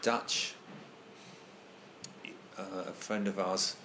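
A man's voice: deep voice, steady tone, drawn-out words, noisy background. A man leading a casual group discussion, thoughtful and hesitant, restarting his sentences often.

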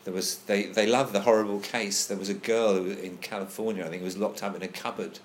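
Low-voiced man musing in discussion. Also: steady tone, fairly quick, a little hiss or hum. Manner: thoughtful, hesitant, many restarts and fillers. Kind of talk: casual group discussion.

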